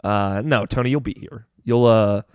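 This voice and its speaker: Rambling podcast host, dry close mic. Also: male voice, lowish voice, moderate pace, a little mellow, smooth, no echo. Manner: rambling, many fillers and restarts. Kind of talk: casual podcast chat.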